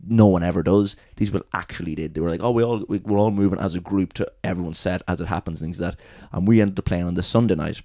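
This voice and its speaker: A young adult Irish man in casual chat, telling a story in a rambling, animated way and swearing freely. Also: sits low, fast, few pauses, no echo, studio quality.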